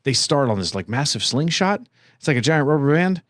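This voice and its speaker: A man co-hosting a podcast in casual comedic chat, rambling and interrupting himself with quick asides. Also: a little high, sing-song, no room sound, studio quality. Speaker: podcast co-host. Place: co-working space.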